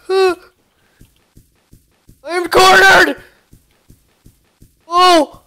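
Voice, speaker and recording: A woman playing a horror game, jumpy and shrieking in panic, then muttering quietly between scares. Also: very high-pitched, very slow, pauses often, low-quality recording. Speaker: gamer. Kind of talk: horror game let's-play commentary. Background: game music.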